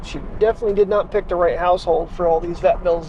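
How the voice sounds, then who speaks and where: A man's voice: high voice, fairly even intonation, fast, a little mellow, muffled recording, slight background noise. A man talking casually to his camera at home about his sick dog, rambling and worried, filmed on a handheld gimbal with a wireless mic. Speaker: daily vlogger. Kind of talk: casual vlog talk to camera. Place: home and backyard at night.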